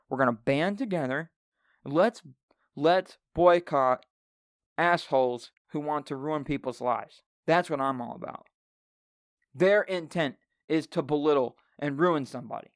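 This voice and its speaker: A man hosting a podcast, going on a profane solo rant with a handheld microphone and jumping into loud, high-pitched outbursts. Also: animated, a little slow, no echo, studio quality. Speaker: podcast co-host.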